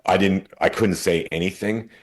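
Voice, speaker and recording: A man in his fifties with a very deep voice tells a story as a podcast guest. He talks casually and with lots of energy. He swears freely and laughs between lines. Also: moderate pace. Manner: animated, swears freely, laughs while telling.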